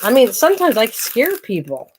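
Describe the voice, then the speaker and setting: A woman's voice: fairly high pitch, wildly swooping pitch, moderate pace, a little mellow, slight background noise. An older woman hosting a craft channel on a live stream at home, chatting in a rambling, self-mocking way and laughing easily.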